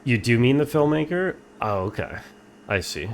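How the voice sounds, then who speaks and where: A man's voice: mid-range voice, sing-song, normal speed, slight background noise. A young man streaming a game, reading its text aloud and chatting dryly with viewers. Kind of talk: casual game playthrough commentary.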